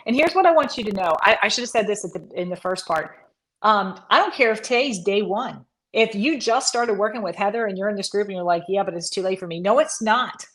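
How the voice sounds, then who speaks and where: A woman's voice: mid-range voice, poor audio. A woman in her fifties giving a chatty, frank motivational talk to her fitness group, with frequent restarts. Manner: restarts, fillers. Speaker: fitness coach.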